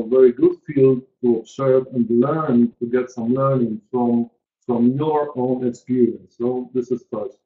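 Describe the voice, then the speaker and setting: Guy in his 40s, earnest webinar talk, roomy echo, kinda muffled call audio. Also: medium pitch. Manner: earnest, emphatic, repeats key points. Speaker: pricing consultant presenting a webinar. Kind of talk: online presentation to an audience.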